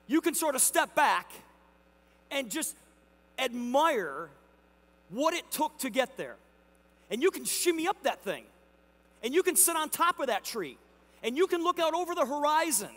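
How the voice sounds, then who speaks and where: A man in a large convention hall telling a motivational story as a company executive, acting out both sides of an exchange with a neighbor. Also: very high voice. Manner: energetic, acts out neighbor dialogue in the story. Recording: hall reverb.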